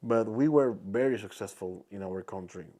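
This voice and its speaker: A man's voice: lowish voice, normal speed, warm tone. A young man from Peru with a Peruvian Spanish accent, speaking English as a second language and hosting a casual solo podcast while searching for words with many restarts. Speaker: podcast host.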